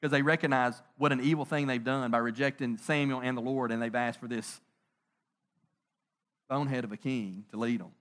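A middle-aged man preaching a conversational sermon, animated, joking and asking rhetorical questions. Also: medium pitch, a little fast. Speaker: pastor.

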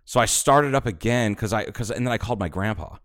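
A man co-hosting a podcast, telling stories in casual chat, animated and swearing freely. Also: fairly low pitch, fast. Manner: animated storyteller, swears a lot, acts out quotes. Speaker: podcast co-host.

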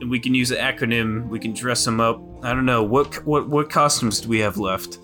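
A man's voice: medium pitch, steady tone, normal speed, sharp tone, soft background music. A man playing in a casual tabletop game, full of questions and laughter, often stumbling over his words. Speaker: player.

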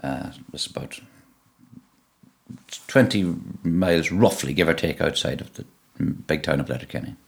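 Here a middle-aged man from Donegal, Ireland, a musician being interviewed, talks at a moderate pace with vocal fry and long pauses. His voice is very deep and low, his accent broadly local, and his easygoing, meandering stories keep circling back through repeated words and restarts.

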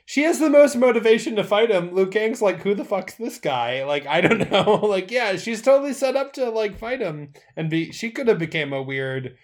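Animated high-pitched laughing man. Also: moderate pace, few pauses. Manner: laughing often, animated, profane. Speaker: podcast co-host. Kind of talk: casual movie chat.

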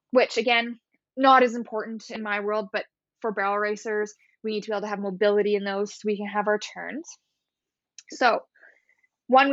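A woman's voice: on the high side, dry recording, muffled recording. A woman physiotherapist explaining exercises in a casual, chatty way, laughing often and guiding breathing step by step.

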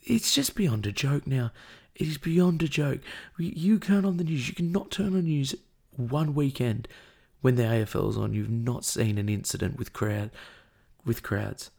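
A man's voice: mid-range voice, normal speed, creaky, darkish tone. An Australian man hosting a show, delivering an angry, profane and emotional rant as commentary.

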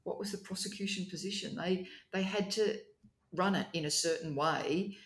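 Australian legal guest, gravelly, measured and explanatory, echoey room. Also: mid-range voice. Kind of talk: casual discussion. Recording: roomy echo.

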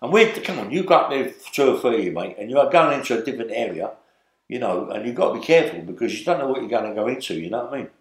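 A man's voice: mid-range voice, lively intonation, racing. A man in his seventies from London with a London accent, a guest telling long rambling stories and tagging his lines with "yeah?". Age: 70s. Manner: rambling, tags lines with "yeah?" and "you know what I mean?". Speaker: interview guest. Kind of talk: storytelling interview. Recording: roomy echo.

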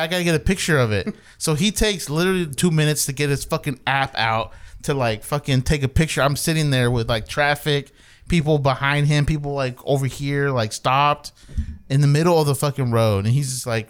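A young man in casual chat tells a story with heavy swearing and acted-out quotes. His voice is smooth and clear, with an ordinary middle pitch. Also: moderate pace. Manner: animated, swears a lot, acts out quotes.

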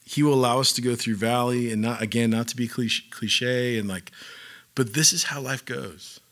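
A man's voice: medium pitch, steady tone, moderate pace, a bit bright. A man preaching a casual sermon, talking conversationally with lots of "like" fillers and acting out quotes as he goes.

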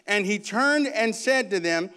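A man preaching a sermon and reading scripture, emphatic, with loud bursts and hushed asides, and humorous conversational stories. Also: high voice, lively intonation, unhurried, clear, resonant tone. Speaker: pastor.

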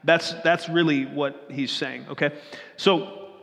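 A man's voice: a little high, steady tone, slow, gravelly, fairly bright tone. A man reading scripture aloud and then preaching, earnest, often putting questions to his listeners and repeating his phrases. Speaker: pastor. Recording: long reverb of a hall.

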